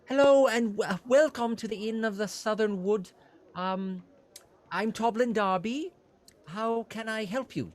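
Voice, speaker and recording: A man's voice: high-pitched, measured pace, pitched above the performer's own voice. A man voicing a heavy-set, well-groomed male innkeeper who is polite and flustered and eager to please. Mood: welcoming.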